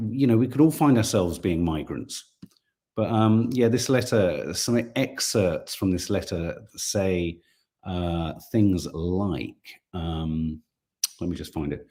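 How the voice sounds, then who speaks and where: A man's voice: low-pitched, expressive, slow, warm tone. A middle-aged man, co-hosting a casual live stream, chatting and reading viewer comments while thinking aloud with frequent restarts.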